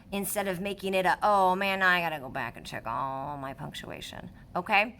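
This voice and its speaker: A woman's voice: mid-range voice, a bit bright. A woman teaching a writing lesson to third graders, reading her example sentences aloud as she explains punctuation.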